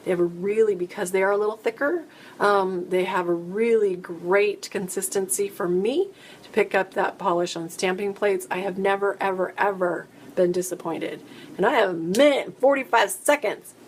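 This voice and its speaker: A woman's voice: mid-range voice, moderate pace, a little hiss or hum. Chatty woman hosting a live stream. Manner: chatty, rambling, self-interrupting. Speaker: host answering viewer questions. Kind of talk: casual live-stream chat.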